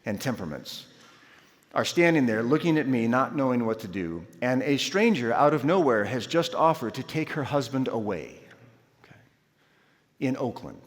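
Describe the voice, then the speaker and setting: Male chapel speaker, animated storyteller, middle pitch, long hall reverb. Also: moderate pace. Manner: animated storytelling, acts out his own shouts. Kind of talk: storytelling sermon. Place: large university chapel.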